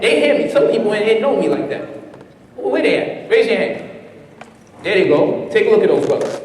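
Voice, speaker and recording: A man teaching a live seminar to a room of people, lively and laughing, often putting questions to the audience. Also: high voice. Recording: distant echoey hall, faint noise.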